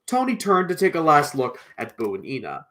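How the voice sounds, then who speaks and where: A man reading a children's book aloud on a live stream, halting and restarting, clearing a strained throat often. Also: on the high side, huge pitch swings, a bit bright.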